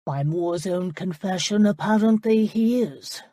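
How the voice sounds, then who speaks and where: A woman's voice: fairly low pitch, unhurried, dark tone, no echo. A woman reading the lines of a royal prince, dry and authoritative. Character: wry commanding royal prince, older man.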